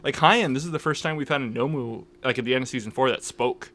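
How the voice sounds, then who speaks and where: Bright, lively male co-host who rambles and acts out quotes. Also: mid-range voice, fast talker. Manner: animated, rambling, acts out lines. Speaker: podcast co-host. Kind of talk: casual chat.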